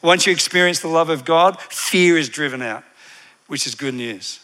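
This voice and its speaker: Male preacher, bright and fairly high, energetic sermon delivery with call-and-response. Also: moderate pace. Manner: animated, digressive storytelling.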